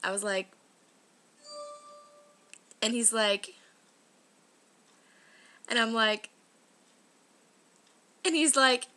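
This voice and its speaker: A young woman telling a personal story to the camera in a chatty, animated vlog, often acting out the voices of people she quotes. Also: a little high, very slow, long pauses, soft background music. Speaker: vlogger.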